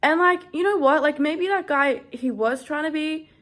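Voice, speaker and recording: A woman's voice: high-pitched, normal speed, a bit bright. A young woman vlogger, shaky and scared, rambling through a story in casual chat with lots of "like". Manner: shaken, rambling, heavy use of "like".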